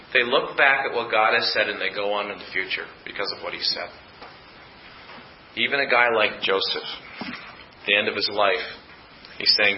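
A man's voice: on the low side, lo-fi sound, a little hiss or hum. A man preaching a sermon as pastor, emphatic, repeating his points and asking rhetorical questions. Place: church.

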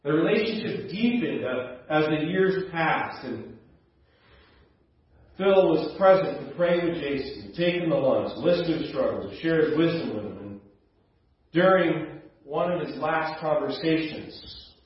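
A man delivers an earnest sermon as a pastor, easing into quiet low asides before pressing forward with raised emphasis. His voice carries a heavy room echo and sounds picked up from some distance. The sound is slightly dull. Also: lively intonation, unhurried.

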